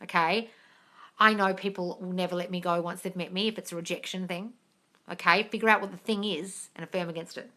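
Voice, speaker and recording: A woman hosts a live-stream Q&A, giving listeners firm, practical coaching. Her voice is bright and forward. She is direct and familiar, calls people darling, and lets a casual swear slip now and then. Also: fairly low pitch, fairly even intonation, a little fast. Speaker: manifesting coach answering viewer questions.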